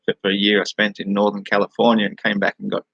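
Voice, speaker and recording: A man's voice: lowish voice, completely flat delivery, quick pace, gravelly, fairly bright tone, slightly rough, no room sound, muffled recording. An Australian man from New South Wales hosting a casual live chat over a webcam, rambling, swearing freely and laughing at his own remarks. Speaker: live-stream host.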